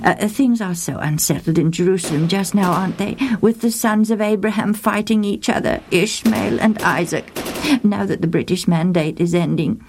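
Casting: woman as a courteous, fumbling priest on the phone, hesitant, many fillers, mid pitch. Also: moderate pace, darkish tone, a little hiss or hum, lightly acted. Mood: polite. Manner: hesitant, full of uh and polite fillers. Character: polite, flustered male monastery librarian priest.

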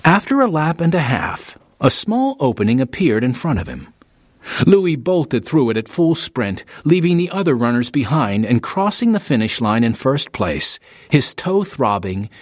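A man reading a nonfiction story aloud in a measured, expressive audiobook style. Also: medium pitch, dry recording, studio quality. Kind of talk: scripted audiobook narration.

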